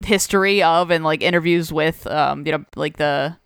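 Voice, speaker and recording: A woman's voice: low voice, moderate pace, smooth, dry recording, studio quality. A woman co-hosting a podcast, chatting casually about a comic book, laughing often and swearing, acting out the lines of the people in the story. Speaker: podcast co-host.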